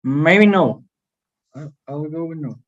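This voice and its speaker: A man's voice: fairly high pitch, a little slow. A man taking an English lesson over a video call, answering exercises and thinking aloud hesitantly. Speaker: student. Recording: dull lo-fi call audio.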